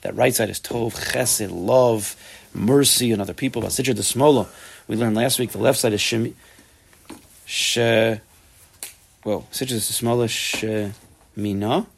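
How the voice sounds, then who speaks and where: A man giving a Torah class, animated and emphatic, often restarting his sentences. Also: mid-range voice, unhurried, gravelly, pauses often, husky. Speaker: Torah teacher.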